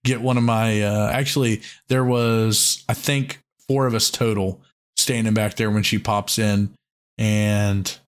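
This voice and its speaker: A man's voice: fairly low pitch, little pitch movement, measured pace. A man hosting a podcast, telling long stories in a rambling, profane way, full of "like" and restarts. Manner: rambling, profane, heavy use of "like". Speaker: podcast host. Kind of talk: casual storytelling chat.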